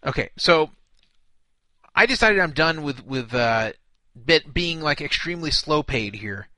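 A male host talks in a bright, fairly high voice, exasperated and stumbling over restarts. His sound is dry and close, with no room around it. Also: lively intonation, a little slow, no room sound. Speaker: show host. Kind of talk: comedic radio talk.

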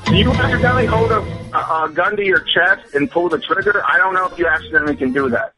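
A man's voice: high-pitched, fast, bright, forceful tone, faint music behind. A man calling into a radio show, telling a story in a rambling, profane way that keeps repeating itself. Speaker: caller. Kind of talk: emotional call-in storytelling. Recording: dull phone-call sound on radio.

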